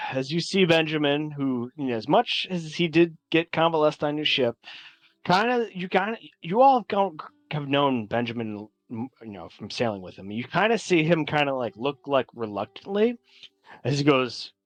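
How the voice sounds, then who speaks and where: A man's voice: a little high, big pitch swings, normal speed, dry recording, faint music behind. A man narrating as game master of a tabletop game, talking loosely with many fillers.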